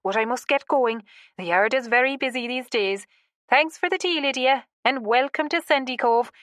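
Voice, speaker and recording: A woman voicing a friendly, helpful local man in an audiobook, chatting in a relaxed, informative way. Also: high voice, normal speed, no room sound, studio quality, voice pushed up.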